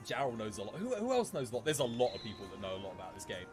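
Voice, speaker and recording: A man's voice: mid-range voice, huge pitch swings, racing, music in the background. A young man streaming a game, chatting casually with viewers, joking and swearing now and then. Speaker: gaming streamer. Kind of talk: casual livestream chat while playing.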